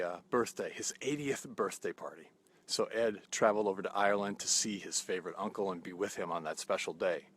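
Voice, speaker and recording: Slow, low-voiced man giving a gentle sermon. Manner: gentle, unhurried storytelling with soft pauses. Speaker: pastor. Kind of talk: outdoor video sermon, storytelling. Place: outdoors at sunrise.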